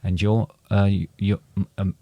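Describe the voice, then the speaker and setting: A man's voice: on the low side, little pitch movement, takes it slowly, no room sound, lo-fi sound. A middle-aged man, a father and podcast co-host, chatting casually and rambling with many restarts and fillers. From England. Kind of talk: casual chat.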